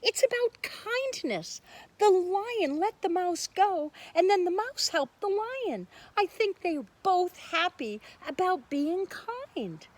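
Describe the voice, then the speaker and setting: An eager little girl from a picture book, bright and curious, as a woman reads her lines. Her voice rides high and lively, chirpy and quick to jump in. She sounds keen to share what she knows. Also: no echo, heavily acted.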